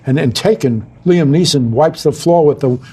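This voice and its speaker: A man's voice: on the high side, moderate pace, mellow, slightly rough. A man talking earnestly and enthusiastically as a talk show guest. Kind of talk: casual chat.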